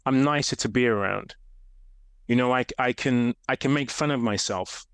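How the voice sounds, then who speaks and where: This adult fitness coach, guesting on a casual interview, speaks at medium pitch and moderate pace with a clean tone. The studio sound is clean, without room sound, as he animatedly tells stories and acts out the quoted voices.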